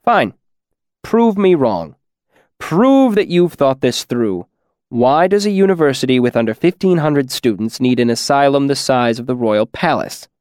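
A man's voice: medium pitch, lively intonation, a little slow, darkish tone, no room sound, studio quality, lightly acted. A man voicing a stern, eccentric university master who gives clipped orders, read as an audiobook character. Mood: curt.

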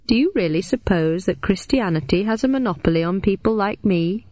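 A woman voicing a sinister undead male janitor who speaks in a slow, drawling, menacing way. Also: mid-range voice, expressive, warm tone, no echo, close to an everyday voice. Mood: scornful.

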